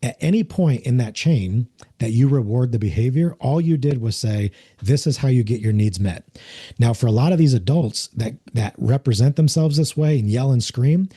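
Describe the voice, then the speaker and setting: A man's voice: medium pitch, warm tone, husky. A man, a former police officer, explaining things earnestly in a conversational interview and acting out the voices of the people he quotes. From United States.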